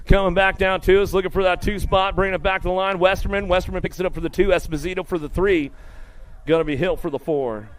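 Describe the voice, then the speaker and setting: A man announcing live BMX races, rattling off rider names with bursts of excitement. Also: high-pitched, smooth. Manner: rapid-fire calling of rider names, excitable. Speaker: race announcer. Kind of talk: live BMX race commentary.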